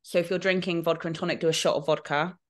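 A woman chatting on a podcast with a slightly low voice. She laughs often and swears freely, keeping the talk loose and unguarded. Her delivery is easygoing and conversational. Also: fairly even intonation, fast talker. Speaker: podcast co-host. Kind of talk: casual podcast chat.

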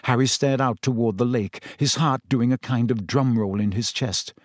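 A man reading a fantasy novel aloud in steady, measured storytelling narration. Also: mid-range voice, dry recording, clean studio sound. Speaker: audiobook narrator. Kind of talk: scripted narration.

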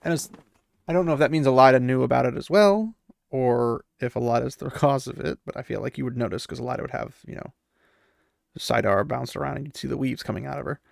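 Gravelly chatty man recapping a book. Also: mid-range voice, fast, no room sound, clean studio sound. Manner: chatty, opinionated, acting out quotes.

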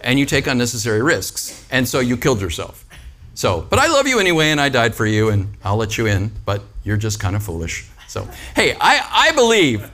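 A man's voice: medium pitch, wildly swooping pitch, a little fast, bright, forceful tone. A man preaching a conversational sermon as a pastor, with joking asides and frequent calls of "Amen?" and "right?" to the congregation.

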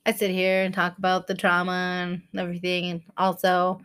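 A woman in her thirties co-hosting a podcast, chatting casually, joking at her own expense, laughing often and acting out quotes in high squealing voices. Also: monotone, a little fast, fairly bright tone, smooth. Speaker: podcast co-host. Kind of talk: casual chat.

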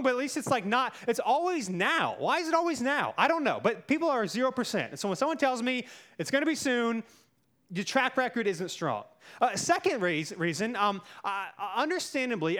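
Man, high voice, pastor, relaxed conversational sermon, lots of fillers. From United States. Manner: conversational, many fillers and "like", thinking aloud. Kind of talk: casual sermon teaching.

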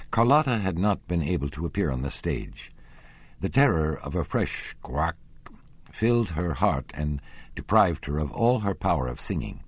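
A man with a very low, husky voice narrates a classic novel in a measured, expressive way. His pitch moves widely through each sentence, and the recording is close and dry, with no room sound. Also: dry recording. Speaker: audiobook narrator.

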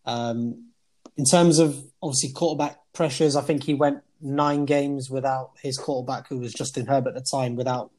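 A man's voice: medium pitch, fairly even intonation, normal speed, darkish tone. A British man co-hosting a podcast, talking through a football prospect in a rambling way with lots of fillers. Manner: rambling, many fillers and restarts. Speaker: podcast co-host. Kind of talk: casual football analysis.

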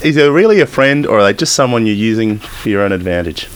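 A man with an Australian accent, co-hosting a casual podcast, jokey and quick to laugh. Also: lowish voice, lively intonation, clean tone. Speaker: podcast co-host. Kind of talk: casual chat.

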